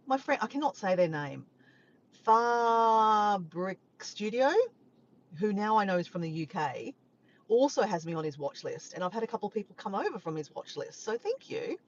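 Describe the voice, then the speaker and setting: A woman's voice: mid-range voice, sing-song, a little fast, darkish tone. Chatty Australian woman on a lo-fi stream. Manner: chatty and friendly, breaks into bits of song. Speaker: vlogger chatting with live viewers. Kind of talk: casual live-stream chat. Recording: dull lo-fi sound with faint background noise.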